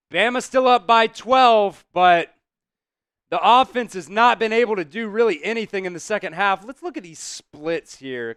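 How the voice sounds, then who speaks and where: A man hosting a live stream, calling plays casually, reacting loudly, swearing and talking to his chat. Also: high-pitched, clean tone, dry recording, clean studio sound. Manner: excitable, swears, talks to chat. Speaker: host doing live play-by-play.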